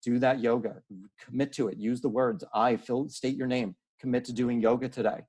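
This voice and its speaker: A man speaking as an interview guest, earnest and halting, often restarting his sentences. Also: medium pitch, fairly even intonation, darkish tone, husky. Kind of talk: casual interview conversation.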